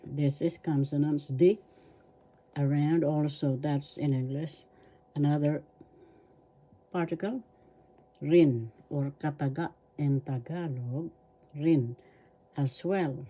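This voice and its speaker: An older woman from the Philippines giving a slow language lesson, repeating each word and breaking it into syllables. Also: sits low, dark tone, husky. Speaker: language teacher.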